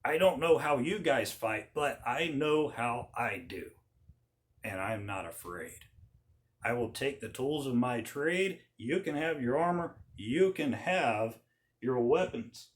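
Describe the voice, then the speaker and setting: A man's voice: medium pitch, animated, slow pace. A man voicing a young shepherd boy who speaks earnestly and without fear. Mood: determined. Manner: earnest, determined.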